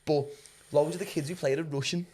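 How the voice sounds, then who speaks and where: A young man with a Liverpool accent hosting a casual podcast chat, telling animated stories full of laughter and swearing. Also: a little high, fast, slightly rough. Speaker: podcast host.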